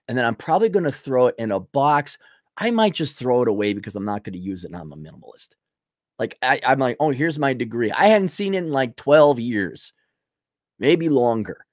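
A man's voice: medium pitch, dry recording, clean studio sound. A man in his thirties hosting a podcast, rambling and sarcastic in casual livestream commentary. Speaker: podcast host.

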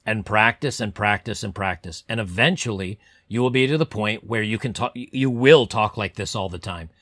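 A young man talking to camera as a channel host, giving rambling advice with lots of ums and repeated words, keeping his voice deliberately pressed low. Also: pushed and bright, dry recording, studio quality. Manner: deliberately lowered, pushed-down voice. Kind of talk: casual advice monologue to camera.

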